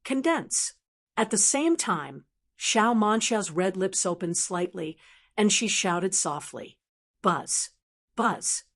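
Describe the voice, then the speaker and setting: A woman narrating a fantasy web-novel audiobook in a steady, even reading. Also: medium pitch, takes it slowly.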